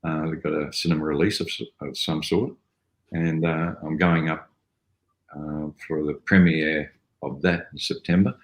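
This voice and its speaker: Older Australian man, very low voice, chatty storyteller, echoey room on a video call. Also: normal speed. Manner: rambling, animated storytelling with mimicry. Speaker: actor guest. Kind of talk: casual interview anecdotes.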